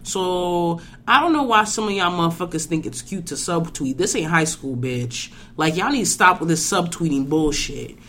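A woman's voice: lowish voice, lively intonation, moderate pace, few pauses, a bit bright. A woman hosting a podcast in casual chat, blunt and profane as she rants. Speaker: podcast host.

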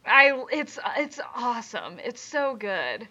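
A woman's voice: a little high, very animated, takes it slowly, pushed and bright, lo-fi sound. A woman co-hosting a podcast, recapping episodes in casual, giggly chat full of ums. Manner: chatty, giggly, many ums. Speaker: podcast co-host.

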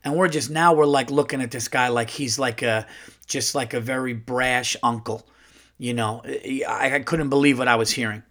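A man's voice: mid-range voice, moderate pace. A male comedian hosting a podcast and telling a long story casually, with lots of fillers and asides. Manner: animated, rambling, full of fillers.

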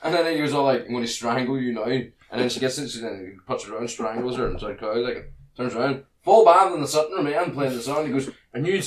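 A man, co-hosting a casual podcast chat and telling sketch stories in a lively, sweary way. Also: mid-range voice, fast, rough recording. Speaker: podcast co-host.

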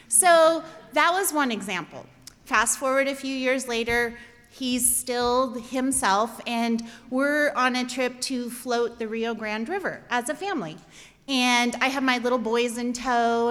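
A woman telling a comic personal story, animated and self-deprecating, with exasperated asides. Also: high voice, normal speed. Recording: long hall reverb.

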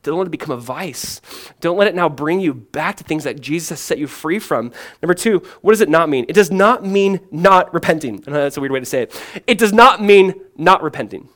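Earnest pastor preaching, man with raised pitch. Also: animated, brisk. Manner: earnest and emphatic, asks and answers questions, swings from loud to hushed; conversational, drops in "man". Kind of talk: sermon.

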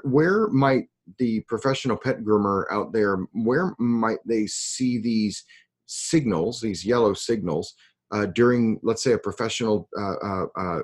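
A man with a somewhat low, husky voice hosts a relaxed interview. He talks haltingly, doubling back on words and poking fun at himself. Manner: halting, repeats words, self-deprecating. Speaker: podcast host. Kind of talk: casual interview.

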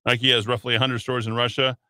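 Talk radio host, male: punchy bright tone, dry studio mic, rambling headline rundown. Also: medium pitch, flat delivery, fast, smooth, no echo. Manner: rambling, reads headlines then riffs with filler words. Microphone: studio microphone.

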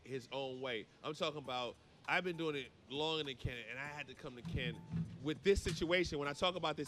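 Man, comedian podcast host, high voice, bright, casual profane banter, comedy club. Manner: animated, interrupting, profane.

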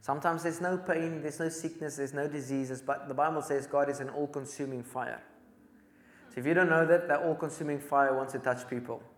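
A man's voice: on the high side, brisk. South African man telling faith stories. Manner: animated, earnest, laughs while telling stories. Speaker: evangelist. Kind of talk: casual storytelling testimony. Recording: echoey room.

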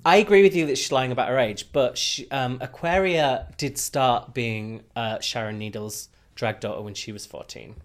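A man's voice: medium pitch, moderate pace, few pauses. A man co-hosting a podcast in casual chat, laughing often and reading listener questions aloud. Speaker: podcast co-host.

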